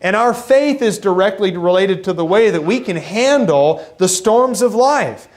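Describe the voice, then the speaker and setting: A male preacher delivering a sermon in a church. His voice sits high for a man and swings widely in pitch. He acts out the voices in the passages he quotes. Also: lively intonation, unhurried. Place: church sanctuary.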